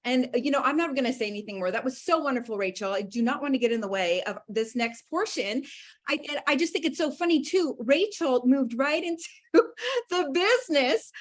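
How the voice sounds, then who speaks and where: A woman hosting a group business call, bubbly and animated as she cheers on the listeners. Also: high voice, brisk. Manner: bubbly, animated, acts out quotes.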